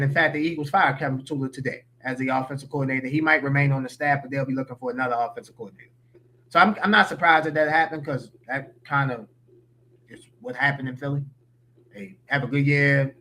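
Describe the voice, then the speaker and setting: A man's voice: fairly high pitch, sharp tone. A man giving opinionated, slangy sports talk as a podcast guest.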